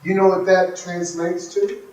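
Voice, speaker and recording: Guy doing a motivational workshop talk, high voice, storytelling, mic far off in a big echoey room. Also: little pitch movement, a little slow, darkish tone. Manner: storytelling, asks the audience questions. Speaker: workshop speaker.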